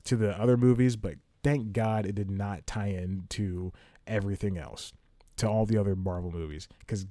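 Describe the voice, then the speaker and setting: A man's voice: on the low side, steady tone, moderate pace, mellow, no echo. A man hosting a casual solo podcast from home, rambling, restarting his sentences and laughing often. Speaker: podcast host.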